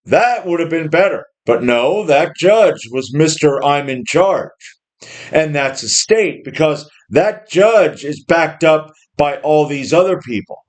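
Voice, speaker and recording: A man's voice: on the high side, lively intonation, a little slow. A man in his fifties giving a blunt, profane opinion monologue, often restarting his sentences and mocking others in put-on quotes. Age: 50s. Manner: restarts and repeats words often. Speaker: home gym channel host.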